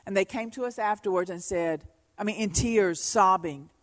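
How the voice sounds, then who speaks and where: A woman's voice: mid-range voice, moderate pace. A woman, preaching in church about marriage in an earnest, heartfelt storytelling manner. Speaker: pastor's wife co-leading the sermon. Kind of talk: sermon. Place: church sanctuary. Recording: long reverb of a large hall.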